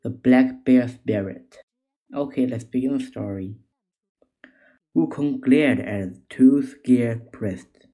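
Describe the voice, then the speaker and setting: A man narrating a children's story at an unhurried pace, calm and measured as he reads. His voice is warm and mellow, soft enough for young listeners. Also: mid-range voice, poor audio. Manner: gentle, measured reading to children. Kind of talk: scripted narration.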